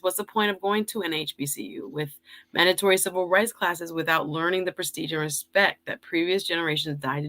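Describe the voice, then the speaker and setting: Chatty woman host reading comments. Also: lowish voice. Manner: laughs often, warm and chatty. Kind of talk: casual livestream chat, reading viewer comments.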